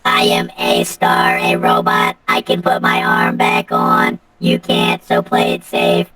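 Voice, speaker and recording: A man voicing a slow, deep male android robot over loud music. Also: huge pitch swings, far from the mic, heavily acted. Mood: deadpan. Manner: slow, dragging delivery.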